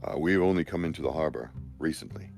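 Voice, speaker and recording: A man with an extremely deep voice role-plays a captain, speaking formally with archaic turns of phrase. Faint music sits in the background. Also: fast, creaky, a little mellow. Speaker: player. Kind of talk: in-character role-play.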